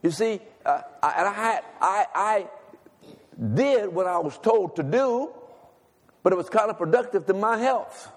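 A man's voice: high-pitched, measured pace. An older male preacher telling a personal story in a sermon, talking conversationally and asking the congregation to respond. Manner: conversational, calls for audience response. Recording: long reverb of a large hall.

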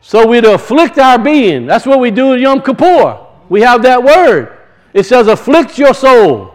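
A man's voice: very high voice, very animated, normal speed. A man teaching scripture in a conversational sermon style, rising into emphatic preaching. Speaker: Bible teacher.

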